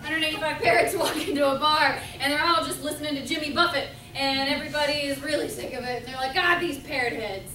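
A woman's voice: high-pitched, fairly even intonation, fast, few pauses, a crowd in the background. A woman telling pun jokes in a live improv game, acting out the characters. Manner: playful, acts out characters in jokes. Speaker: improv performer. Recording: echoey stage from a distant mic with noise.

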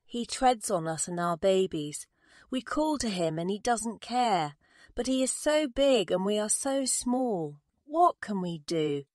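A woman's voice: mid-range voice, lively intonation, a little slow, darkish tone, no room sound, clean studio sound, lightly acted. A woman voicing a group of small river frogs who complain in a plain tone.

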